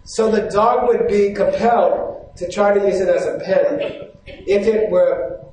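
A man with a high voice teaches from a stage in a large hall, and the sound rings heavily off the walls. He talks in a loose, conversational way. He keeps asking his listeners questions and checking that they follow. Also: fairly even intonation, a little slow, a little mellow, slight background noise. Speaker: Buddhist teacher. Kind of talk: teaching talk to a live audience. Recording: very echoey hall.

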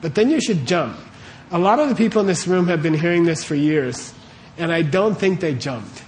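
A man's voice: on the high side, expressive, normal speed, a little mellow, slight background noise. Man teaching in a casual lecture. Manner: conversational, questions the audience often, lots of okays. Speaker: Buddhist teacher. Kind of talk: casual dharma lecture to a live audience. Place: warm room with a live audience.

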